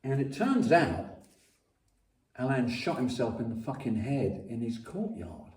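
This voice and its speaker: Guest, 60s, mellow voice, rambling and profane, echoey room, far mic. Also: male voice, medium pitch, sing-song, unhurried. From London. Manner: profane, repetitive, many restarts and coughs. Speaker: podcast guest. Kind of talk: rambling casual storytelling. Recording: roomy, distant mic.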